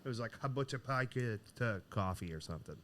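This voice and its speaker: In a cigar shop, a male podcast co-host tells a story animatedly during casual chat, acting out the voices of its characters. His medium-pitched voice is brisk, with a little hiss or hum in the audio.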